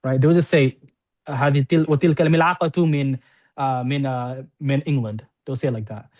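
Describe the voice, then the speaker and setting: Fast-talking male Arabic teacher. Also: medium pitch, fairly even intonation, a little mellow. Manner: quick, repetitive explaining with many checks like "right?". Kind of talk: classroom lesson. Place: classroom with students on-site and online.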